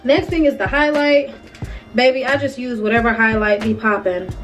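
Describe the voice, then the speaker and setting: Young woman, chatty and playful, fairly high voice, mic set back, music playing behind. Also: fairly even intonation, moderate pace, distant mic. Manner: chatty, playful, talks straight to viewers. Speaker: beauty vlogger. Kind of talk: casual makeup tutorial chat. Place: bedroom at home.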